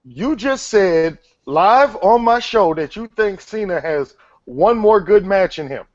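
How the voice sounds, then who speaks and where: A man's voice: sits high, animated, a little slow, a little mellow, no room sound. A man hosting his own interview show, blunt, teasing and profane with his guest. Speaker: show host. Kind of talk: casual interview chat. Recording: dry, muffled lo-fi audio.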